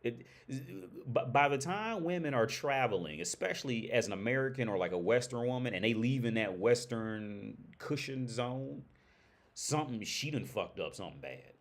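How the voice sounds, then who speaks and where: A man's voice: medium pitch, lively intonation, moderate pace. A man hosting a livestream, talking bluntly and profanely in a rambling, casual way, often restarting sentences. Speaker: livestream host.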